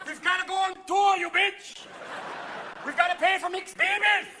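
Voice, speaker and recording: A man putting on a frantic old Swiss man yelling at his wife, in a live comedy show. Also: extremely high pitch, steady tone, moderate pace, voice pushed up, exaggerated voice. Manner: screeching, frantic. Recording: live theater with a laughing audience and noise.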